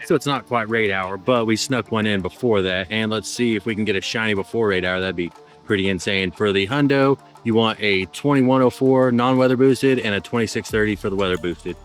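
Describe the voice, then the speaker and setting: A man's voice: on the low side, fairly quick, faint music behind. A man hosting his game channel, giving upbeat, chatty play-by-play commentary. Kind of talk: casual gameplay commentary.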